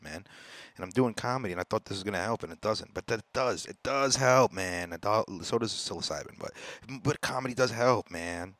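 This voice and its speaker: Deep-voiced, profane podcast ranter. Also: male voice, lively intonation, moderate pace, dry recording. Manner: profane, blunt, swings between loud outbursts and low mutters. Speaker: podcast host. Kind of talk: casual ranting monologue.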